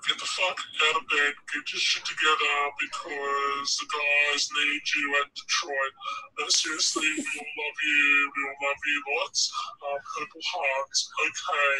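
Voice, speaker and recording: A man on a panel gives an affectionately crude shout-out in a very bright, sharp tone. His pitch stays flat and even, and he talks slowly and deliberately. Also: far from the mic, a little hiss or hum, low-quality recording. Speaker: panel guest. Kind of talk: shout-out message.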